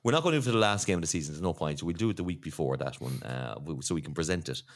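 A man's voice: extremely low pitch, lively intonation, racing. An Irish man hosting a podcast in casual chat, rambling and laughing often. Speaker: podcast host.

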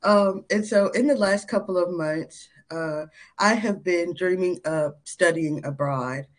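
Podcast guest: young woman, lively storyteller who laughs easily. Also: lowish voice, unhurried. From North Carolina, USA. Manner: animated, laughs often, many fillers. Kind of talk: casual interview storytelling.

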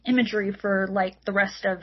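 Woman podcast guest, mid-pitch, husky, casual and chatty, lo-fi audio. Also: fairly quick. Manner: relaxed and talkative, with many likes and ums. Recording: slightly dull, lo-fi audio.

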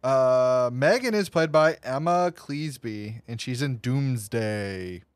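A man's voice: mid-range voice, takes it slowly, smooth, no echo. Rambling male movie podcast host. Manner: rambling, reads cast notes with fillers and restarts. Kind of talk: casual movie podcast chat.

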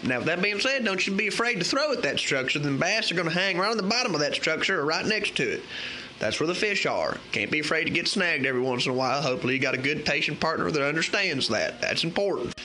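A man's voice: fairly high pitch, fast, a little hiss or hum. A man playing a folksy male fishing guide in an exaggerated, put-on Southern US country accent. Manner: folksy, animated, hammy.

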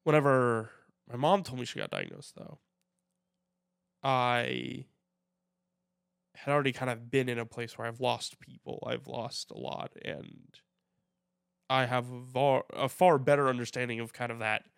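A young man co-hosting a podcast, speaking in a reflective, halting way with frequent restarts. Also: medium pitch, animated, vocal fry, smooth, dry recording, studio quality. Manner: reflective, halting with repeated starts. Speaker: podcast co-host. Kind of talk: casual chat.

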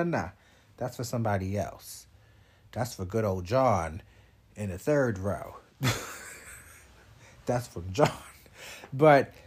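A young man hosting a podcast, talking casually in a blunt, animated way and swearing freely. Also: mid-range voice, husky. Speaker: podcast host. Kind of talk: casual monologue.

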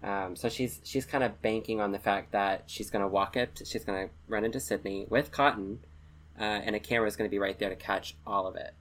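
Deep-voiced man analyzing films casually. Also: fairly even intonation, a bit bright. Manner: analytical, measured, hedges with fillers. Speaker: podcast co-host. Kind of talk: casual film discussion.

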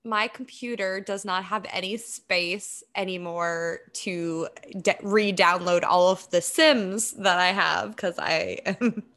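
A woman's voice: lowish voice, slow, a bit bright. A woman co-hosting a podcast in casual chat, rambling and laughing often. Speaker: podcast co-host.

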